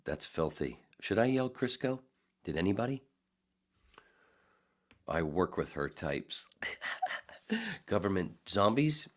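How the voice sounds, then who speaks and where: A man's voice: on the low side, sing-song, takes it slowly, pauses often. A man hosting a casual podcast, reading out chat comments and rambling through crude, profane jokes. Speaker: podcast host.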